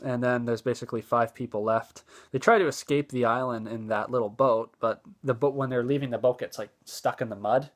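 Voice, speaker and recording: Rambling casual male movie reviewer. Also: mid-range voice. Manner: rambling, loose retelling full of "like" and restarts; easygoing and openly enthusiastic.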